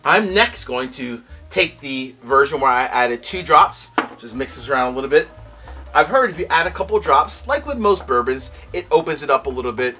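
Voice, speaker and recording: A man giving a casual, excitable whiskey tasting review, loud exclamations, teary-eyed from a strong pour. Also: medium pitch.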